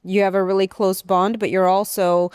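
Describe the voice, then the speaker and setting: A woman hosting an interview, asking measured, thoughtful questions. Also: mid-range voice, level tone, a little mellow, clear, resonant tone, dry recording, studio quality. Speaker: interviewer host.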